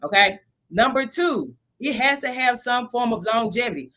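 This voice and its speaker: A woman in her thirties hosting a casual live stream about investing, chatty and animated, laughing often. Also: a little high, moderate pace.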